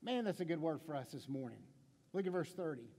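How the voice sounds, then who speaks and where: A man delivers an impassioned sermon as a pastor, his voice sitting high for a man. He swings between fired-up emphasis and quiet, hushed asides, putting questions straight to the congregation. A long reverb trails off each phrase. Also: lively intonation, fast talker.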